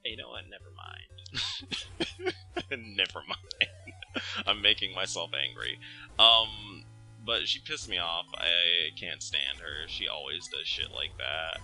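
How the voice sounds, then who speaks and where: Gravelly deep-voiced man ranting over gameplay. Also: unhurried, bright, forceful tone, faint music behind, low-quality recording. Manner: profane, ranting venting. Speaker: let's play host. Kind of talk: casual gameplay commentary.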